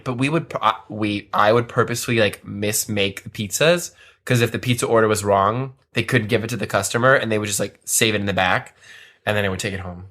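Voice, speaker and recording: A young man co-hosts a comedy podcast, and his voice comes across bright and forceful. He wanders through his stories in a loose, casual way, packing them with fillers. His pitch sits at a middling level for a man. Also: a little fast. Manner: rambling, filler-heavy storytelling. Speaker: podcast co-host.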